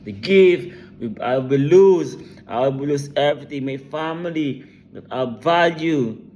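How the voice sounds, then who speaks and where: A man's voice: fairly high pitch, a little slow, darkish tone, lo-fi sound. A man delivering an intense, rambling personal monologue, emotional and full of profanity.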